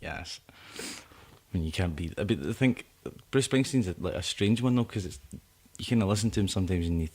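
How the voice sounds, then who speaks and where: A man's voice: sits low, lively intonation, a little fast, darkish tone. A Scottish man with a Scottish accent, a singer-songwriter guest chatting casually in a rambling, laid-back way. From Scotland. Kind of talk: casual chat.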